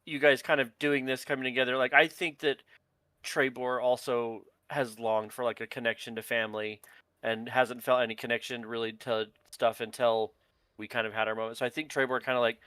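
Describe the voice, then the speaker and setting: Bright-voiced young man at the table. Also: mid-range voice, flat delivery, a little fast, no room sound. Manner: thinking aloud, restarts with "like". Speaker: player. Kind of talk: casual role-play chat.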